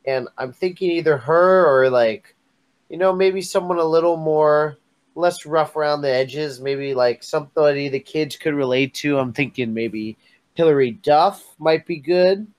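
A man's voice: on the high side, a little slow. A man co-hosting a comedy podcast, musing aloud in a hesitant way with many fillers. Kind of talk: comedic casual chat.

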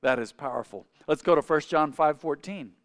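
Preaching man with a clear, higher voice. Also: normal speed. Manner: preaching with rising, emphatic repetition. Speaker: pastor. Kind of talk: sermon.

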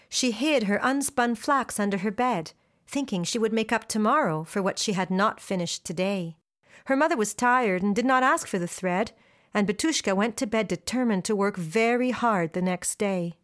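A woman storyteller telling a folktale aloud in an expressive, animated way. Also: medium pitch. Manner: expressive, animated, switches into character voices.

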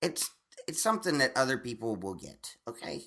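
Bright-voiced rambling, cursing man. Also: medium pitch, sing-song, fairly quick. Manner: rambling, profane, frequent restarts and laughs. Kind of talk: casual chat.

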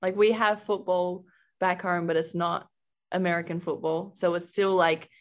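A woman's voice: lowish voice, steady tone, normal speed. A young woman from Australia, an athlete telling a rambling, filler-filled story in a casual interview. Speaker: athlete guest.

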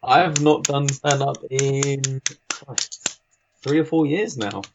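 A man's voice: mid-range voice, steady tone, takes it slowly, background noise. A man cohosting a podcast, chatting casually and teasing his guests. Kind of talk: casual chat.

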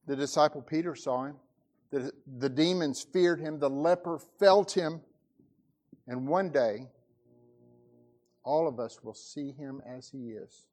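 A male pastor preaching a sermon, dramatic, his voice rising to cries and dropping to a hush. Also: on the high side, measured pace, long pauses, faint music behind.

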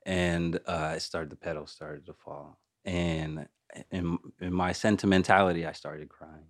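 A man's voice: deep voice, fairly even intonation, unhurried, dry recording, clean studio sound. A man as an interview guest in casual chat, emphatic and openly emotional, laughing easily.

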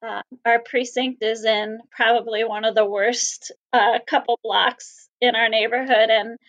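A woman from the Salvation Army answering interview questions sincerely, with frequent pauses and ums. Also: a little high, flat delivery, a bit bright, low-quality recording.

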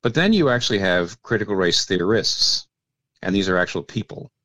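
Deep-voiced older man explaining theology. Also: animated, normal speed, bright, forceful tone, no echo. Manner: thoughtful, explanatory, with many restarts. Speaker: guest pastor and author. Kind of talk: casual radio interview, theological explanation.

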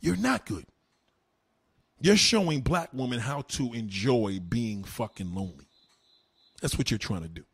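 A man's voice: medium pitch, lively intonation, a little slow, vocal fry, pauses often, husky, dry recording. A man doing a heated, mocking, heavily profane rant on his live stream. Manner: heated, mocking, swears constantly.

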